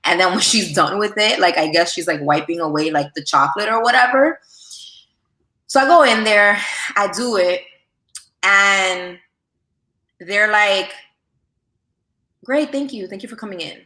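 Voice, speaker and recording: Chatty bright-voiced woman telling a story. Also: mid-range voice, measured pace, pauses often, echoey room. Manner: animated, heavy use of "like" and "you know". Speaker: podcast guest. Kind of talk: casual storytelling.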